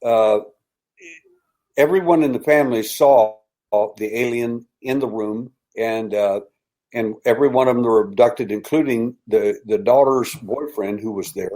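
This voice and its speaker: An older man speaks as a podcast guest at an ordinary, middle pitch. He tells his story haltingly, full of restarts, and often sinks into a hushed, dramatic tone. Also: low-quality recording. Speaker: interview guest, abduction researcher.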